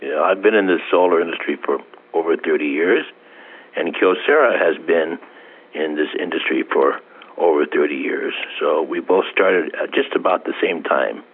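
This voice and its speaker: A man answering interview questions in a measured, halting way, like an industry veteran. His voice is deep and a little husky. It comes through a tinny phone line. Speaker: company executive guest.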